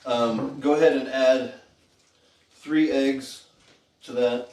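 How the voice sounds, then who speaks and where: A man hosting a casual home cooking stream, talking through each step in a relaxed, chatty way. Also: mid-range voice, takes it slowly, a little hiss or hum. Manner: relaxed, chatty, explains steps as he cooks. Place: home kitchen. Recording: echoey kitchen with background music. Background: royalty-free background music.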